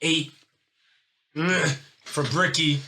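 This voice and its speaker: A man, a guest telling stories in an interview, animated and quick to laugh. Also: fairly high pitch. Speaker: guest, former group member. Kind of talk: casual interview storytelling.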